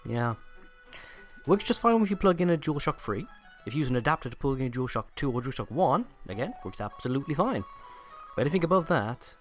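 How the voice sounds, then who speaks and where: Rambling man with lively gameplay chatter. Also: medium pitch, no echo. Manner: dry, rambling asides, quick bursts. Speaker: let's play host. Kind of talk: casual gameplay commentary.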